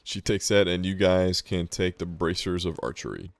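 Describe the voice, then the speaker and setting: Low-voiced man as game master. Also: steady tone, moderate pace, no echo. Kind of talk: narrating a tabletop game.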